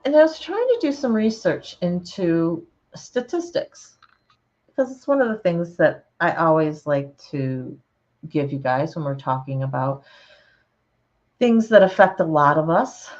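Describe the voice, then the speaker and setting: A woman hosting her channel, chatting casually with her viewers and reading their comments, relaxed and quick to laugh. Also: fairly low pitch. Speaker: channel host. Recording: slightly dull lo-fi sound.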